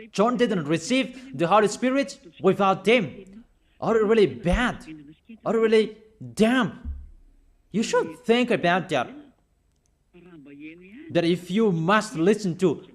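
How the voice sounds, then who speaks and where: A man preaching a sermon, speaking insistently and repeating his warnings to the listeners. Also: high-pitched.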